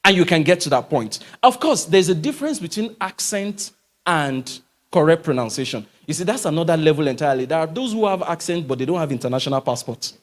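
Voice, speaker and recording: Brief: lively male speaker, high and swooping, emphatic, quizzes the crowd. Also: fairly quick. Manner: emphatic, animated, asks rhetorical questions. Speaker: motivational speaker. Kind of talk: live talk to a church audience. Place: church hall, live audience.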